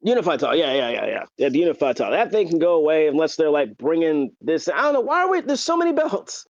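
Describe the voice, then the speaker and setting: A man talks in a loose, rambling podcast chat, full of ums and restarts. His voice sits a bit high, and the recording is dull and lo-fi. The sound is dry, with no room around it. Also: quick pace, no echo. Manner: rambling, filler-heavy, excitable. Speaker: podcast co-host. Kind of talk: casual wrestling chat.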